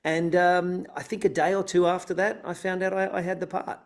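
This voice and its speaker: An Australian actor chatting easily as an interview guest, relaxed and talkative, with light laughs in his answers. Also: high-pitched, a little fast. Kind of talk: casual interview chat.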